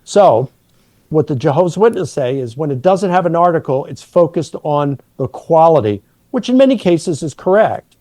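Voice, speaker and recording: A middle-aged man, a New Testament professor, patiently explaining Greek grammar and slowing down to stress key words. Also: on the high side, animated, mellow, no echo.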